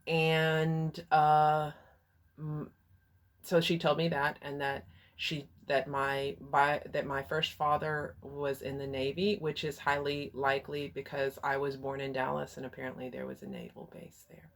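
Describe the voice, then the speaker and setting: Speaking a little slowly in a low-pitched, even tone, this vlogger and life coach from Texas tells a personal story. Her Texas accent comes through as she talks candidly and frankly, hesitating here and there.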